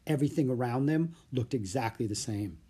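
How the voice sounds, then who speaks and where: Expressive, husky storybook narrator. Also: mid-range voice, fairly quick. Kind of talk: scripted storybook reading.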